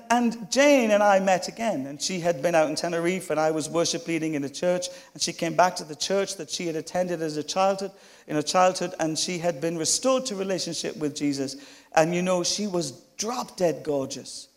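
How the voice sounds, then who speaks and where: Recorded with long hall reverb, a middle-aged man preaches a sermon built around stories, speaking in a high-pitched voice at a moderate pace. He breaks in with chatty, funny remarks directed at the congregation.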